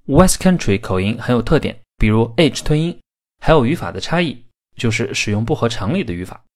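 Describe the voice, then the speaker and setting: A male podcast host who explains accents in a steady, instructive way. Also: medium pitch, fairly quick. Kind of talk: language lesson podcast.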